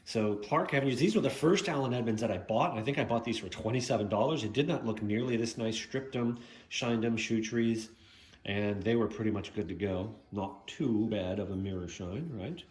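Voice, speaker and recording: A man's voice: on the low side, moderate pace, darkish tone, roomy sound. A man chatting casually about his shoe collection, rambling with lots of fillers and asides. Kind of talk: casual show-and-tell vlog.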